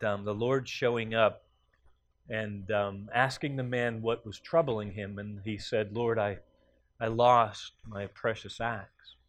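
Delivering a sermon, a pastor with a lowish voice tells a story full of pauses and fillers. He raises his voice whenever he reaches the quoted lines.

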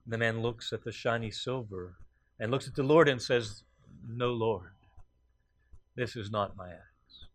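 A man preaching a sermon, telling a story with many pauses and fillers and lifting his voice for the quoted lines. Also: mid-range voice, no room sound. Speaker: pastor.

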